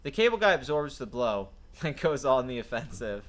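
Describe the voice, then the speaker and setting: A man's voice: medium pitch, very animated, normal speed, a bit bright. A man reading stage directions and dialogue aloud in a script read-through, narrating action. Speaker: script reader.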